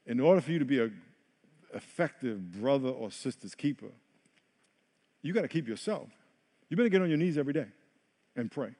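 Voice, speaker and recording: A man's voice: medium pitch, darkish tone. A man preaching a sermon as pastor, emphatic and repeating words for stress. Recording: long hall reverb.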